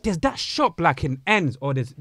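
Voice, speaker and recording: A man's voice: fairly high pitch, sing-song, moderate pace, a bit bright, no room sound. A young man asking a rambling question in casual podcast chat, full of "like" and "yeah". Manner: questioning, many fillers like "like" and "yeah". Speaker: podcast co-host.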